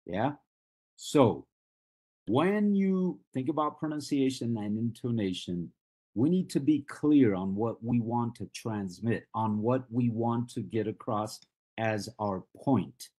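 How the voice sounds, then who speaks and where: Slow, husky-voiced male English teacher. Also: medium pitch, a little mellow. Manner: patient, asks the class questions and checks understanding. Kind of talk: live online class lecture.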